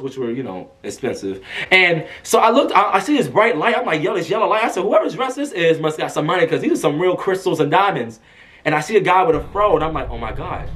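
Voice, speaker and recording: A man telling an excited storytime vlog, animated, breaking into shouts as he talks. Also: fairly high pitch. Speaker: vlogger.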